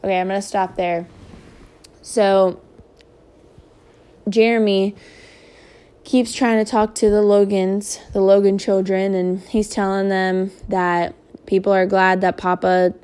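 A woman reading a novel aloud at a calm, measured pace, then explaining the chapter. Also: mid-range voice, smooth. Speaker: reader.

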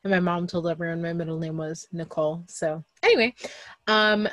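A young adult woman co-hosting a casual podcast chat, animated and emphatic. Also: lowish voice, brisk, no room sound. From Liberian family. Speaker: podcast co-host.

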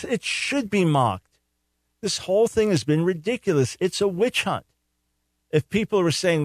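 Emphatic higher-voiced male radio host. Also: animated, normal speed, no room sound, studio quality. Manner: emphatic, rhetorical, repeats phrases for stress. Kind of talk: opinionated call-in radio commentary.

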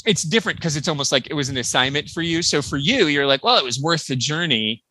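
Animated, bright-voiced man hosting a podcast. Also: on the high side, dry recording. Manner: animated, swears freely, quick laughs. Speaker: podcast host. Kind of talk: casual chat about comics.

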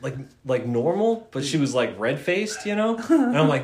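Young guy telling a wild work story, kinda high voice, swears a lot. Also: very animated, moderate pace. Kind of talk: casual chat.

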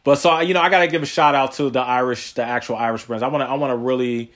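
A man's voice: medium pitch, fast. A man hosting a podcast in casual chat, telling rambling stories with lots of laughter and slangy asides. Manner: animated rambling storyteller, laughs often; slangy, says yo and man a lot. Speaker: podcast host.

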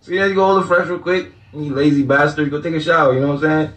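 Casual male host, high voice, profane laughing rant, echoey room. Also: racing. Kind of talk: casual monologue.

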